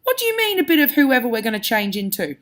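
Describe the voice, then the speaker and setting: An indignant, squeamish teenage schoolboy wizard, read aloud by a woman. His delivery is sharp and raised, but the voice stays near the reader's own. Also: high-pitched, sing-song, fast talker, voice pushed up.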